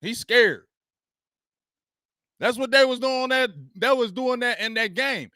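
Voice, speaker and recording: Male host, heated mocking sports rant, bright forceful tone, close dry mic. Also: extremely high pitch, measured pace, no room sound. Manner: heated, mocking, barking dog noises, slangy. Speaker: show host.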